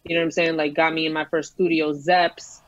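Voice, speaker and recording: A woman's voice: sits low, level tone, brisk. New woman guest, blunt and slangy, dull lo-fi audio. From New York. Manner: straight-talking, streetwise slang. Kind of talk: casual interview chat.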